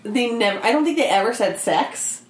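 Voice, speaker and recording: Woman co-host, animated and jokey, lively pitch, echoey room. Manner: animated, jokey, does quick gossip voices. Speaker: podcast co-host. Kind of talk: casual chat.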